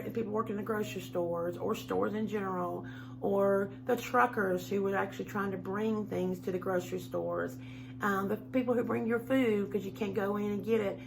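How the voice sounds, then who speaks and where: A middle-aged woman chatting warmly and rambling to her home-video viewers. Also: medium pitch, creaky, background noise. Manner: chatty, rambling, heartfelt, says y'all a lot. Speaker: home decor vlogger. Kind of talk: casual chat to camera. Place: at home, indoors.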